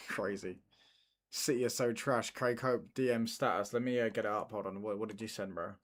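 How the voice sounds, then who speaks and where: His voice drops fairly low, with fairly even intonation and a moderate pace, as the young man chats casually through the football stream. He keeps repeating himself and swapping slangy banter with chat.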